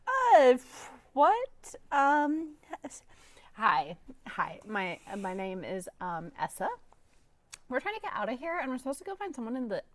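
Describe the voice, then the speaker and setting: A woman's voice: on the high side, wildly swooping pitch, measured pace. A woman playing a tabletop game, speaking playfully and hesitantly. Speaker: player. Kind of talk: in-character tabletop role-play.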